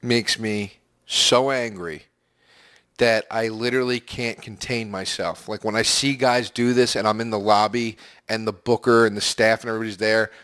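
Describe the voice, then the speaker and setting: A man's voice: on the low side, steady tone, moderate pace, fairly bright tone, smooth. A man co-hosting a comedy podcast, telling stories in an exasperated, self-mocking way. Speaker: podcast co-host. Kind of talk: casual comedic chat.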